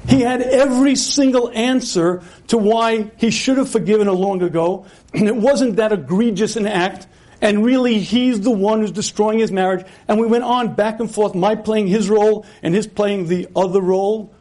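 Guy giving a torah talk, high mellow voice, acts out the dialogue in his stories, keeps clearing his throat. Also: moderate pace. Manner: animated storyteller acting out dialogue. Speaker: rabbi giving a lecture. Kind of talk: storytelling lecture.

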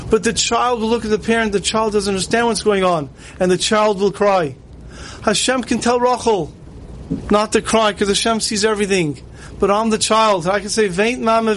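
High-voiced man preaching emotion. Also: a little hiss or hum, low-quality recording. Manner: emotional, acts out voices in stories, drawn-out pleading. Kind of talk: sermon storytelling.

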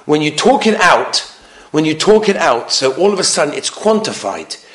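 Lively, high-voiced rabbi lecturing. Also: male voice, moderate pace. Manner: animated, emphatic repetition, acts out quotes. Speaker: rabbi giving a talk on marriage. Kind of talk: lecture with anecdotes. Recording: roomy echo.

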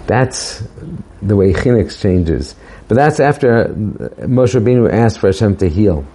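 A man giving a casual, halting Torah talk, with many fillers and restarts, slowing down to quote verses. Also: fairly low pitch, lively intonation, dark tone. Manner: hesitant, many fillers and restarts, quoting Hebrew verses slowly. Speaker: speaker sharing a Torah thought.

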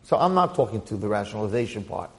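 Gravelly man giving an animated Torah class. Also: lowish voice, fast talker. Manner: animated storytelling with repeated phrases and acted quotes. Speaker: rabbi teaching the weekly Torah portion.

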